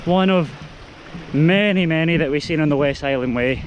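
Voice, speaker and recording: A man's voice: fairly high pitch, a little fast, slight background noise. A young man with a Scottish accent, chatting casually to the camera as he walks up a mountain trail outdoors. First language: Spanish heritage only, English first. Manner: chatty, talks to the camera while walking uphill. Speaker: hiking vlogger. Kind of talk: casual walk-and-talk to camera.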